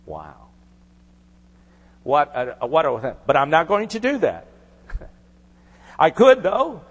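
Male pastor, high voice, earnest sermon, long reverb from the hall. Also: huge pitch swings, slow pace, pauses often, husky. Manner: earnest preaching, rising to emphatic declarations.

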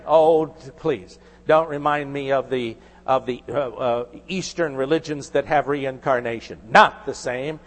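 A man preaching a sermon, earnest, rising to emphatic declarations. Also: fairly high pitch. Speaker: pastor. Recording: long hall reverb.

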